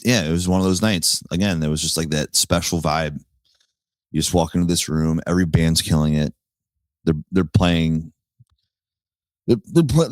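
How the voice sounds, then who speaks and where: A man's voice: sits low, a little mellow, no room sound, studio quality. A man in his thirties hosting a solo podcast, rambling and swearing casually, laughing at his own jokes. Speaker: podcast host.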